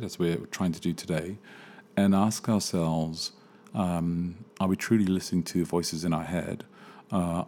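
A man hosting a daily faith podcast, talking in an earnest, reflective way with halting restarts. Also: sits low, mellow. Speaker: podcast host.

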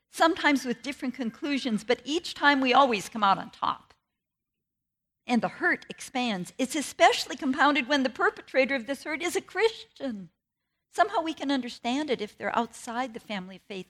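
A woman preaching a sermon, earnest and personal, telling a story from her own family life with lively pitch swings. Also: moderate pace.

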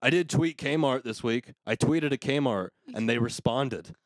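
A man hosting a casual comedy podcast, ranting in a crude, sarcastic way. His voice sits at an ordinary middle pitch. The sound is close and dry, with no room around it. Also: measured pace, dry recording. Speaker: podcast host.

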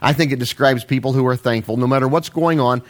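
Man, 50s, pastor; folksy sermon delivery, rambling and self-deprecating, mid-pitched. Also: fast.

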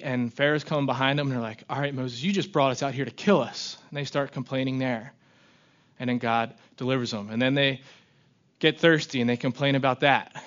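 A young man delivers a casual sermon in an easy, conversational way. He keeps asking "right?" and slips into mock grumbling for examples. His voice sits at an ordinary pitch, and the recording sounds a little muffled.

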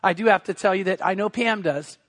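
A man's voice: high voice, a little fast, a bit bright, no room sound. A middle-aged man preaching a sermon, talking and telling stories in a conversational way and often restarting his sentences. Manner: storytelling, conversational with frequent restarts. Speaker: pastor.

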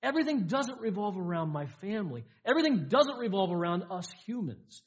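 A man preaching a sermon, emphatic, with repeated lines and dramatic pauses. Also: sits high, sing-song, highs cut off. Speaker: pastor. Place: church sanctuary.

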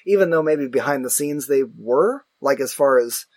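A man chatting casually about movies as a podcast co-host, rambling and self-mocking with animated asides. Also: medium pitch, normal speed, dry recording.

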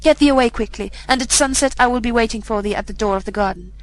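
A woman voicing an old, evil male magician who gives slow, stern orders in an audiobook reading. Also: a little high, close to an everyday voice, poor audio. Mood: commanding.

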